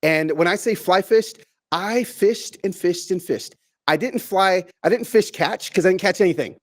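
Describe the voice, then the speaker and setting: A middle-aged man delivering a motivational keynote to a virtual audience, with a slightly higher voice than most men. He talks in an animated, chatty way, restarting phrases and repeating words. For emphasis he stretches key words out slowly, one at a time. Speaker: keynote speaker.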